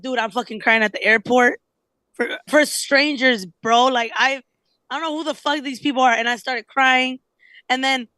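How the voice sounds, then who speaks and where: A young woman co-hosting a podcast, telling a story in an animated, casual way and swearing often. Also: fairly high pitch, dry recording. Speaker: podcast co-host. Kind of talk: casual chat.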